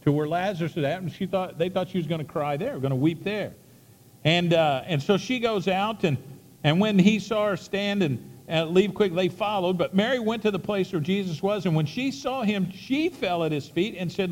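A man's voice: high voice, normal speed, a little mellow, long reverb tail. A man preaching a sermon, retelling a story in a conversational way with many repeats and restarts.

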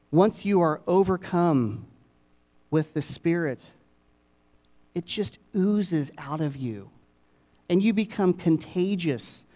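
A middle-aged male pastor delivers a sermon in a slightly high voice. He lets phrases hang with dramatic pauses, falling into quiet, confiding asides before lifting to emphatic peaks. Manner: dramatic pauses, swings between hushed and emphatic.

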